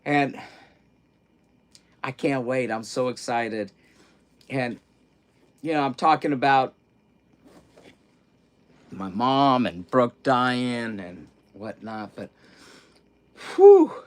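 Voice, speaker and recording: A middle-aged man hosting a casual livestream, rambling and candid, repeating words and swinging from hushed, grieving talk to loud excitement. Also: mid-range voice, takes it slowly, pauses often. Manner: self-interrupting, repeats words. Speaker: livestream host.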